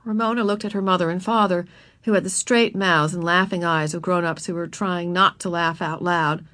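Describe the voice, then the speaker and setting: A woman reading a children's story aloud, expressive and putting on voices for the characters. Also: lowish voice, normal speed. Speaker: narrator. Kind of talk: children's book read aloud.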